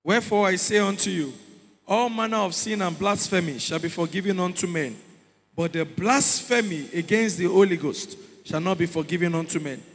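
A man reading scripture aloud in a steady, formal way during a sermon. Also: high-pitched, normal speed. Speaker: scripture reader. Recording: echoey hall with long reverb.

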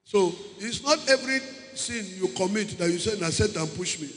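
Emphatic male preacher, bright tone, long hall reverb. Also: high-pitched, expressive, moderate pace, faint music behind. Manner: emphatic, repeats key words, calls out to the congregation. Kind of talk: sermon.

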